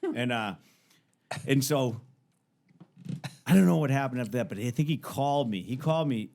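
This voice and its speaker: A man's voice: medium pitch, expressive, moderate pace, gravelly, a little mellow. A man in his thirties, a podcast guest, telling a story in casual chat, swearing freely and acting out both sides of phone calls.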